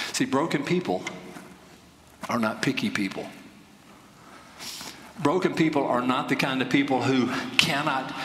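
Guy preaching a sermon, earnest storyteller, middle pitch, roomy hall echo. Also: fairly bright tone, a little hiss or hum. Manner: earnest storytelling, rising to emphatic. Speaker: pastor. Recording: echoey hall with faint ambience.

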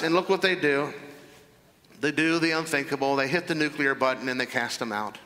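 A man's voice: a little high, moderate pace, bright, forceful tone, in a large hall, low-quality recording. A man preaching a sermon, reading scripture verse by verse and commenting on it with emphasis. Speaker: pastor.

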